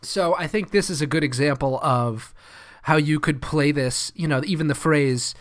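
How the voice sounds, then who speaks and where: A man co-hosting a podcast, leading a segment in a relaxed, conversational way. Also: a little high, moderate pace, hardly any pauses. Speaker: podcast co-host. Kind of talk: casual chat.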